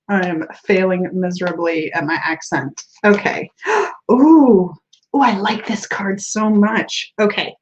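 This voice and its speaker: A woman's voice: medium pitch, very animated, measured pace, highs cut off. An American woman hosting a tarot live stream, chatting casually, giggling often and reading viewer comments aloud. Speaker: tarot livestream host.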